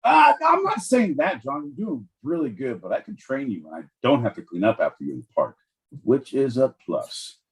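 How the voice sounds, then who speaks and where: Animated joking male podcast host. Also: mid-range voice, brisk. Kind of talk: comedic podcast banter.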